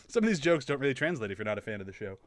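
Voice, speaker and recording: A man co-hosting a casual podcast, animated and laughing often, swearing freely. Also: medium pitch, no echo. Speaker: podcast co-host.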